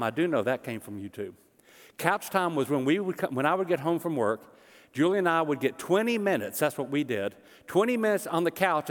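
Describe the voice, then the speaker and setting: Pastor preaching in a reverberant hall. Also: male voice, fairly high pitch. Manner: conversational, animated, joking with the congregation. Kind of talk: sermon. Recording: long church hall reverb.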